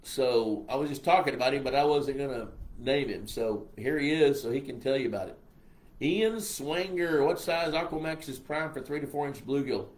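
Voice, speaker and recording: A man's voice: mid-range voice, moderate pace, darkish tone. An older man with a Texas accent hosts a casual live stream, reading viewer comments and answering their questions in a folksy, rambling way. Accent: Texan.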